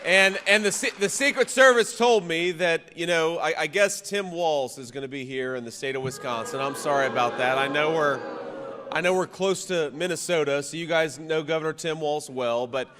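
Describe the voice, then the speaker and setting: A man, a vice-presidential candidate, gives a political rally speech. He repeats punchy slogans, shouts the big lines, and often restarts his sentences. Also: a little high, normal speed, big-room sound, a crowd in the background, background noise. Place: campaign rally venue.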